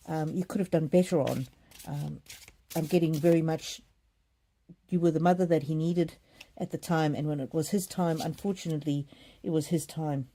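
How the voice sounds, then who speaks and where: Soft-spoken woman giving a gentle reading. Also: low-pitched. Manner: gentle, halting, many ums and repeats. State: choked up with emotion. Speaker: psychic card reader. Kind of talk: live oracle card reading.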